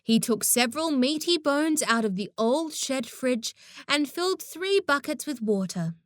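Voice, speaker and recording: Woman reading a kids audiobook, slow and lively, high-ish voice, dry close mic. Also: no echo. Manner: expressive storytelling. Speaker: audiobook narrator. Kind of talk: children's audiobook narration.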